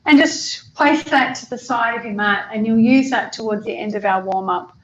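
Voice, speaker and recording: Calm Australian woman guiding yoga. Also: fairly high pitch, echoey room, dull audio. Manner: calm, slow guiding with long pauses. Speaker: yoga teacher. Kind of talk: guided yoga class instruction.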